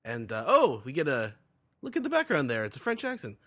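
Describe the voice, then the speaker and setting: A man's voice: medium pitch, wildly swooping pitch, a little fast, a bit bright. A man hosting a podcast, reading aloud and chatting casually with fillers. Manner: reads aloud animatedly, with fillers. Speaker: podcast host. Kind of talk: casual recap chat.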